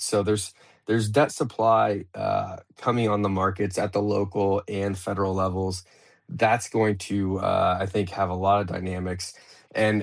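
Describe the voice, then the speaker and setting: Host, male, low and gravelly, rambling panel talk full of fillers, remote audio room. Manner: loose and rambling, many fillers and restarts. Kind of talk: casual market discussion.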